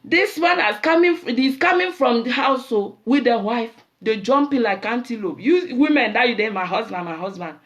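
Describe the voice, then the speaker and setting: A woman with a Nigerian accent hosting a show, telling animated stories in a casual monologue and slipping into pidgin. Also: on the high side, normal speed, few pauses. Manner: animated storyteller mixing in pidgin. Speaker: show host.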